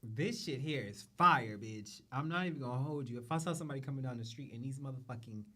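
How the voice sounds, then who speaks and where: Speaking fast in a mid-range voice with a bright, forceful tone, a male show host riffs on runway looks. His fashion commentary is casual and full of profanity, with repeated phrases and thoughts that trail away.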